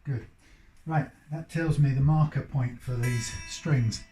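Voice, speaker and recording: A man's voice: mid-range voice, slow pace, mellow. A man working as a guitar technician, rambling and thinking aloud in casual commentary while he works at his bench. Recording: roomy workshop echo.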